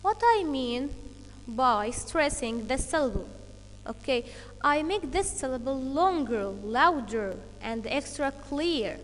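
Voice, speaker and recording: Slow, deliberate woman teaching English. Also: high voice, animated, fairly bright tone, big-room sound. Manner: slow, deliberate explaining with many "okay" checks. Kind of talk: online English lesson for children.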